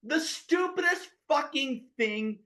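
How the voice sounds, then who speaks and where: A man's voice: extremely high pitch, animated, slow pace, bright, forceful tone. A man co-hosting a podcast, sarcastic, acting out characters to mock them. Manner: sarcastic, acts out characters mockingly. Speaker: podcast co-host. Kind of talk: casual podcast chat.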